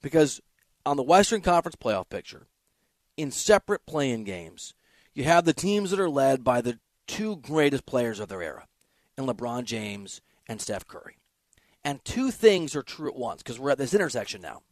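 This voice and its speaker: A man's voice: medium pitch, big pitch swings, normal speed, no room sound. A man hosting a sports talk show, giving an emphatic, opinionated monologue with offhand asides.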